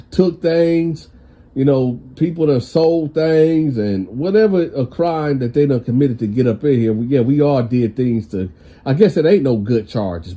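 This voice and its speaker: Brief: male storyteller, deep mellow tone, tongue-tied stammers, slangy storytime delivery. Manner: slangy, addresses viewers as y'all. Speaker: prison storyteller. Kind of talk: casual storytime narration.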